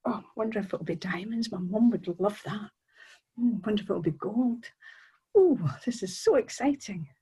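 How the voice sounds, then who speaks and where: A woman's voice: medium pitch, expressive, moderate pace, warm tone, husky. A woman voicing a naive, polite young male fisherman who sounds anxious, eager and stammering. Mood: flustered.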